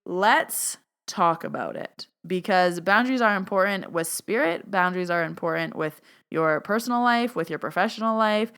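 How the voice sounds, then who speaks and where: Woman podcast host, smooth clear voice, chatty with lots of "like", gets loud and stern for emphasis. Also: on the low side, normal speed. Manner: emphatic, stern and loud when quoting her own boundary commands; chatty, with "like" fillers and playful asides. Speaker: podcast host, spiritual medium. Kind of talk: casual solo podcast talk.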